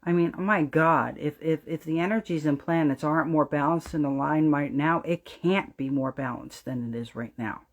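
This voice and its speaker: A woman's voice: moderate pace, hardly any pauses, lo-fi sound. Emphatic preachy woman with a Jersey accent. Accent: New Jersey. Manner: emphatic, preachy, swears freely; drops to an intent low voice for emphasis. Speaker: astrology livestream host. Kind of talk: livestream spiritual talk to viewers.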